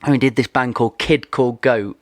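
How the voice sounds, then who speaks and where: Male podcast host, mid-pitch, eager chatty delivery with laughs and restarts, dry close sound. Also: steady tone, dry recording. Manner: enthusiastic, laughs often, quick asides. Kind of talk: casual interview chat.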